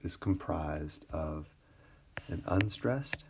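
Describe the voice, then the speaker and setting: Deep, slow-talking male teacher. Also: very noisy. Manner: relaxed, many fillers and restarts. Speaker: English teacher. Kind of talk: screencast lecture on poetry. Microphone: tablet recording.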